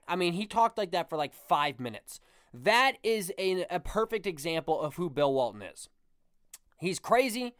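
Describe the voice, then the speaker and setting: A man hosting his own podcast, ranting in a casual, exasperated and animated way. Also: sits high, normal speed, no echo, studio quality. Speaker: podcast host.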